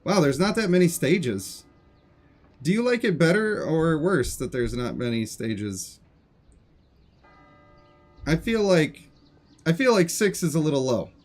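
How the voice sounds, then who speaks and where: A man's voice: on the high side, sing-song, measured pace, pauses often. A man streaming a game live, chatting casually and joking with his viewers. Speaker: gaming streamer.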